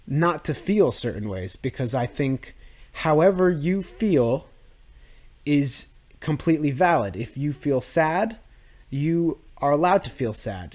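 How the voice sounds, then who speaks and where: A man's voice: fairly high pitch, a little mellow. A young man hosting a self-improvement podcast, talking through his thoughts in a rambling, reflective monologue full of restarts. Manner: rambling, with many restarts and fillers. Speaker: podcast host.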